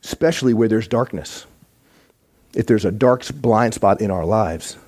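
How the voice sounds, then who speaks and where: A man's voice: on the low side, normal speed, darkish tone. A man teaching a sermon on the teaching team in an earnest, emphatic way. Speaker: church teacher.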